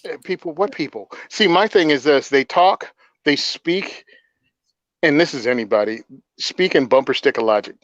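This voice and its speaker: A man's voice: a little high, lively intonation, normal speed, fairly bright tone, no room sound, highs cut off. A man hosting a casual political chat, blunt and sarcastic, often laughing at his own points. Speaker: podcast host.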